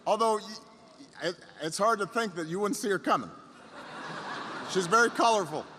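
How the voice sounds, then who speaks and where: A man's voice: high-pitched, animated, normal speed, background noise. A man in his fifties giving a motivational speech as a story, building it with repetition and rising emphasis. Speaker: public speaker. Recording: long hall reverb.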